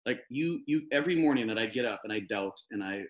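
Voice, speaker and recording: A man's voice: mid-range voice, animated, quick pace, highs cut off. A man talking as a podcast guest in casual interview chat, earnest and rambling, often restarting his sentences.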